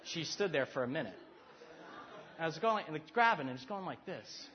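A man's voice: a little high, very animated, normal speed, muffled recording. A man in his thirties giving a heartfelt talk on marriage, earnest and self-deprecating, stumbling into restarts. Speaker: speaker to married couples.

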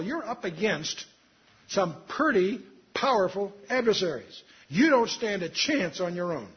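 A man's voice: sits high, slightly rough, dull audio. A man teaching a sermon, earnestly reading scripture aloud with emphasis and explaining it. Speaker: Bible teacher.

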